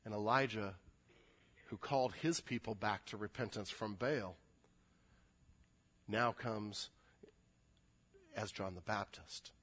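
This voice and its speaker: A man preaching a sermon in an animated way, building to emphatic peaks. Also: on the low side, slow pace, long pauses. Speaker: pastor.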